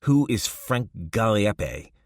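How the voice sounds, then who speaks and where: A man's voice: fairly low pitch, sing-song, takes it slowly, dry recording, clean studio sound, voice pushed up. A man voicing a crude, volatile young male drug dealer in an audiobook, swearing and lashing out. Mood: hostile. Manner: profane, aggressive outbursts. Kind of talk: audiobook character voice.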